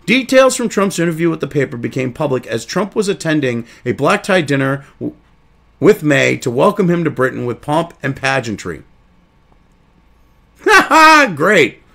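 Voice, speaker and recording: A man's voice: on the high side, very animated, a little slow, vocal fry. A man hosting a crude, indignant commentary show, reading news excerpts aloud and then ranting about them. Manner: reads article excerpts then reacts.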